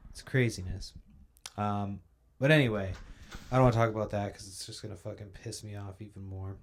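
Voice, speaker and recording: Man, young adult, podcast host, casual rambling rant, profane, a bit sleepy, lowish voice. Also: steady tone, brisk. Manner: profane, ranting, loose storytelling.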